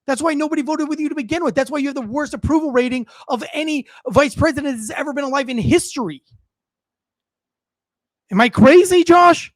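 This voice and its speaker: A man with a very high-pitched voice rants as podcast host, heated and profane. He stumbles and repeats himself as he works himself up. The sound is dry and close. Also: fast talker, hardly any pauses, dry recording. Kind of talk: ranting commentary.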